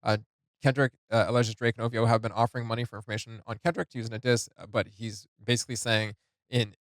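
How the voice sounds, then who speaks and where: Male reaction host, casual halting commentary, average pitch, dead dry sound. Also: dry recording. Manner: halting, many fillers, reads lyrics and notes aloud.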